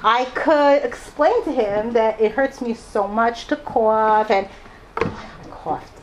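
A woman's voice: a little high, slow pace, slight background noise, poor audio. A mother telling personal stories to a live audience, laughing often and acting out the people she quotes. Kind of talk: personal storytelling talk.

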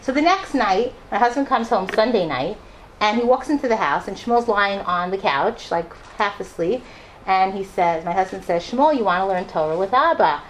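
Animated woman telling a story. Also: mid-range voice, moderate pace, slight background noise. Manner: animated, acts out quoted voices. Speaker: speaker addressing an audience. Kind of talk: personal storytelling talk.

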